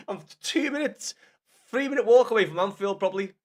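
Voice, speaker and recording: A man's voice: high voice, measured pace. A young man from Liverpool with a Scouse accent, chatting casually and swearing as he banters with his live-stream viewers. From Liverpool, England. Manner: sweary, banters with chat by name, gets loud and excited. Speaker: football streamer.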